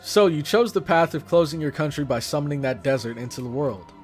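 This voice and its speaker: A man's voice: fairly high pitch, expressive, a little fast, soft background music, close to an everyday voice. A man voicing a fiery, outspoken young woman monk while reading game dialogue aloud, in an indignant, emphatic way. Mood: scolding.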